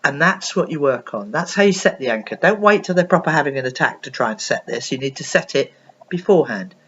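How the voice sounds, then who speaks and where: An earnest woman explains a calming technique in a casual coaching tutorial, full of ums and restarts, her pitch rising and falling with animation. The webcam audio sounds dull and slightly muffled, with a faint hiss underneath. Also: fast talker. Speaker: anxiety coach. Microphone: computer webcam.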